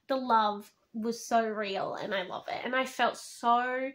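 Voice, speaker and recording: A woman's voice: a little high, steady tone, takes it slowly, a bit bright. A woman reviewing a book in a casual vlog, gushing and heartfelt, often using "like" as filler.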